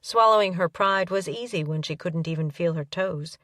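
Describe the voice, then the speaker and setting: Lady reading an audiobook, lowish voice, little character voices, dry sound. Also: normal speed, a bit bright, no room sound, distant mic. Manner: reads dialogue with light character voices. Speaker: audiobook narrator. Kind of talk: scripted narration.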